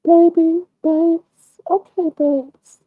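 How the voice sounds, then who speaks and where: A man doing a high cooing woman begging for money. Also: level tone, dry recording, phone-quality sound, full character voice. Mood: wheedling. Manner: cooing, drawn-out pet names. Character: flirty woman sweet-talking a man for money.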